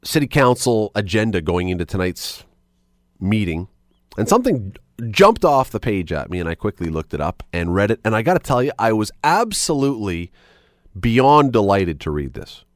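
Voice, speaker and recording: A man's voice: on the low side, normal speed, dry recording, studio quality. A man hosting a radio talk show, rambling and correcting himself as he talks. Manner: animated, rambling, self-correcting. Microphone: studio microphone.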